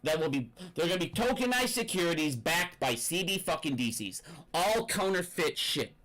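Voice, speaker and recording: A man's voice: fairly high pitch, lively intonation, moderate pace, fairly bright tone, poor audio. A young man giving an angry, profane, rambling rant about finance. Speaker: finance commentator. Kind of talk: ranting commentary.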